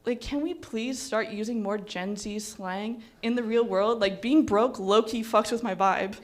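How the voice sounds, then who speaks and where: A woman's voice: a little high, a little slow. A young woman doing stand-up for the first time, giggly and rambling with self-deprecating jokes. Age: young adult. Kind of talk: nervous stand-up set. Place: small comedy stage.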